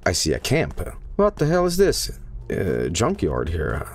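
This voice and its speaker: Excitable swearing male streamer. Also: low-pitched, measured pace, gravelly. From Sweden. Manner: excitable, profane, yells and laughs at the game. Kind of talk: live gameplay commentary.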